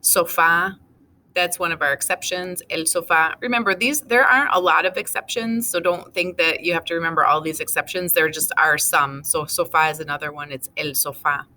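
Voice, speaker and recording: A woman teaching a recorded class, going over answers item by item in a steady, methodical way. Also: lowish voice, moderate pace, slight background noise. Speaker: Spanish teacher.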